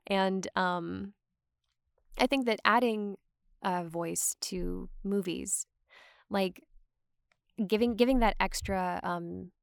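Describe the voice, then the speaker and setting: On a casual podcast, a voice actor guest from Georgia, USA, a young adult woman, talks slowly in a medium pitch with vocal fry and frequent pauses. Her tone is clean, with no echo and studio quality, and she rambles chattily, saying "like" a lot and laughing often.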